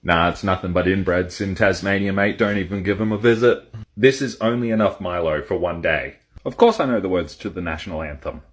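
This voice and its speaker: A young Australian man delivering deadpan comedy sketches in a matter-of-fact way. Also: deep voice, a little fast.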